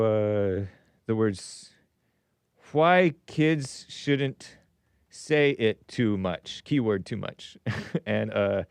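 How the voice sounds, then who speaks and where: A man's voice: mid-range voice, creaky, no room sound, studio quality. A man hosting a casual livestream, reading viewer comments aloud and giving opinionated asides with frequent chuckles. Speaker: show host.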